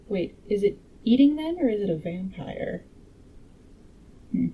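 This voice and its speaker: Mellow woman reading horror aloud, wry. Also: mid-range voice, lively intonation, a little slow, pauses often, slight background noise, poor audio. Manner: wry, sarcastic asides between passages. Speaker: audiobook reader and commentator. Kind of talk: reading a horror story aloud with joking asides.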